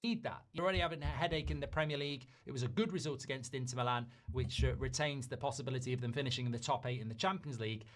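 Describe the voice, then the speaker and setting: Man, football commentary, measured, reasoning aloud, mid pitch. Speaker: football pundit in a played clip.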